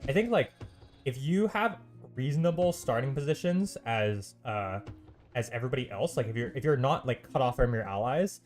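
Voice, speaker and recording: A man's voice: mid-range voice, lively intonation, normal speed, faint music behind. A man hosting a live stream and casting a strategy game tournament on his own. He talks loosely and chattily, with many ums and uhs and the odd dry, sarcastic aside. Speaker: esports caster and stream host. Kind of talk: solo live game commentary.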